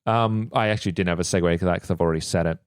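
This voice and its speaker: A man's voice: sits low, rapid-fire, smooth, no echo. A man co-hosting a casual comedy podcast, joking with friends and reading the outro. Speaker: podcast co-host. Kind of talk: casual chat and show outro.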